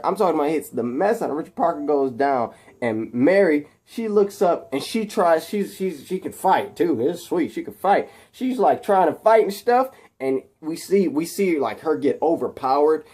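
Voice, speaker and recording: Man excitedly retelling a movie scene. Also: a little high, husky. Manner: rambling storytelling with rising excitement at action. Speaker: video host retelling a film. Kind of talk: casual film recap.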